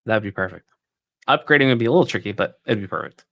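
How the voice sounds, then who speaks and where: A man's voice: lowish voice, animated, quick pace, fairly bright tone, dry recording. A man hosting a casual livestream and answering viewer questions in an easygoing way. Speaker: PC company livestream host.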